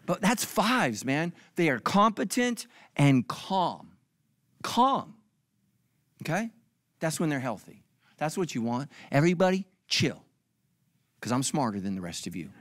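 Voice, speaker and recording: A man's voice: on the high side, dry recording, studio quality. A middle-aged male pastor giving a comedic sermon, acting out other people's lines for laughs.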